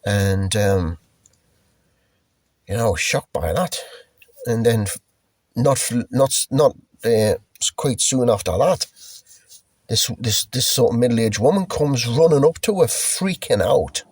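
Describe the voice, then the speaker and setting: A man's voice: medium pitch, a little slow, long pauses, a little mellow, breathy edge, no room sound. A middle-aged man rambling through a casual spoken recollection, swearing freely and restarting his sentences. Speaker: storyteller recalling a past journey.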